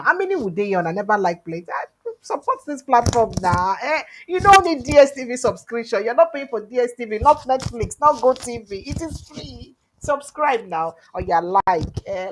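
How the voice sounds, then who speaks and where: A woman's voice: mid-range voice, a little hiss or hum. A Nigerian woman hosting a livestream call-in show, chatting casually and switching into Pidgin as she thanks callers and urges viewers to subscribe. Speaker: livestream host.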